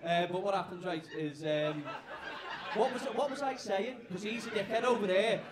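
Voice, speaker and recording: A man's voice: sits high, moderate pace. A young man from the north of England with a Liverpool accent, doing a rambling, self-mocking stand-up set and chatting with the crowd. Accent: Liverpool (Scouse). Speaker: stand-up comedian. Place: comedy club stage with live audience. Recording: echoey club room with noisy crowd.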